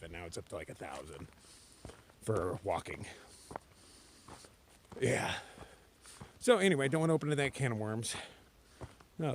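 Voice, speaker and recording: A man's voice: mid-range voice, a little hiss or hum. A man vlogging to himself outdoors on a mountain trail, laid-back and joking, swearing freely as he talks. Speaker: thru-hiker vlogger. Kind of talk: casual vlog monologue.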